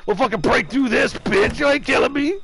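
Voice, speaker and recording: Excitable high-pitched gravelly male streamer. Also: a little fast. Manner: loud, excitable, profane taunting. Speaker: game streamer. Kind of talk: live gaming commentary.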